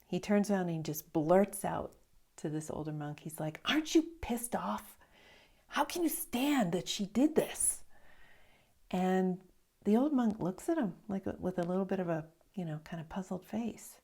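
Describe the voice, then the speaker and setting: Mellow-voiced woman meditation teacher. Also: low voice. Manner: slow, reflective storytelling with soft hushed asides. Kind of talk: evening dharma talk.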